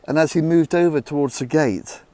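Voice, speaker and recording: A man's voice: brisk, dry recording. Man narrating a Bible story dramatically. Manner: dramatic, hushed low passages.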